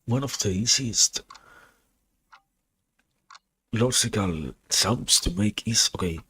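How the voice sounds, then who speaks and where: Husky low-voiced man rambling on stream. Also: measured pace, pushed and bright, low-quality recording. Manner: rambling, thinks aloud, loses his thread. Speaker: VTuber streamer. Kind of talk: casual philosophical livestream chat.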